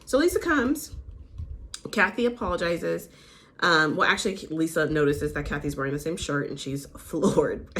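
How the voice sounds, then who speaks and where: A woman's voice: low voice, normal speed, a bit bright. A woman giving a casual, outspoken recap of a reality show, opinionated and swearing freely.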